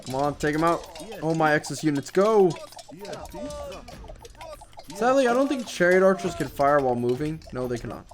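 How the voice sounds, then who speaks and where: A man's voice: on the high side, big pitch swings, normal speed, pauses often. A man giving casual, rambling commentary over his strategy game, swearing now and then, with game music behind him. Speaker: gameplay commentator.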